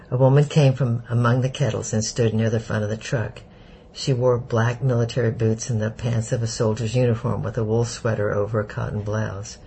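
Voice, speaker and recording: A man narrating an audiobook in a steady, measured way. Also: medium pitch, creaky, a little hiss or hum, low-quality recording.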